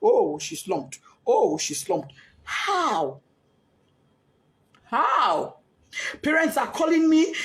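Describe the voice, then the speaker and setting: A middle-aged Nigerian woman, a grieving mother, giving impassioned, pleading spoken testimony and repeating herself in her grief. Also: on the high side. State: grief-stricken. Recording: roomy echo.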